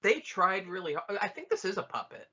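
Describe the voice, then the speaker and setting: A man's voice: high-pitched, sing-song, fairly quick, sharp tone, slightly rough, highs cut off. A man co-hosting a podcast, chatting casually and jokingly over a film, swearing often. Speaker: podcast co-host. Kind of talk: casual film commentary chat.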